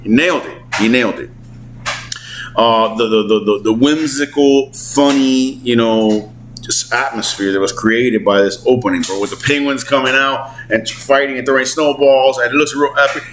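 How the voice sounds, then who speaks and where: A man in his forties giving excitable, slangy gaming commentary at home, swearing and acting out character voices. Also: mid-range voice, normal speed, a little hiss or hum, low-quality recording. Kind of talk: casual commentary. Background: clothes dryer running.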